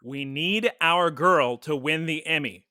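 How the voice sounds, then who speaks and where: A woman co-hosting a podcast in casual chat, rambling and animated. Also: sits low, a little slow, dry recording, studio quality. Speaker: podcast co-host.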